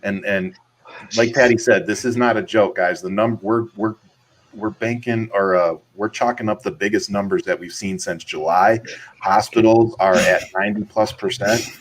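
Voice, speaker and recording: A man's voice: fairly low pitch, fairly even intonation, normal speed. A man co-hosting a casual political chat show, talking earnestly and rambling with many fillers. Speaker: podcast co-host.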